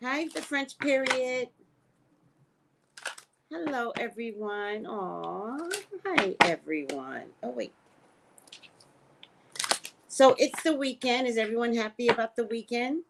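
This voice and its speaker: An older woman hosting a casual live stream, chatting with viewers and greeting them by name in sudden high squeals. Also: lively intonation, takes it slowly, gravelly, long pauses, very noisy. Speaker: live-stream psychic host.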